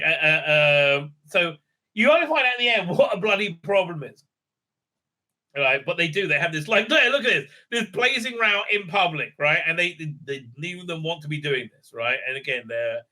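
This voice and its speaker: A middle-aged man talks through a TV episode in loose, rambling sentences, swearing freely and checking in with "right?". His voice sits a little high and comes across bright and forceful. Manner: rambling, profane, keeps asking "right?". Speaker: TV show reviewer. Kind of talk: casual spoken recap.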